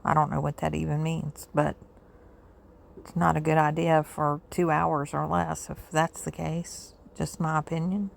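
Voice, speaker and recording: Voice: medium pitch, flat delivery, measured pace, vocal fry. A reviewer giving blunt, exasperated, sarcastic commentary with frequent sighs.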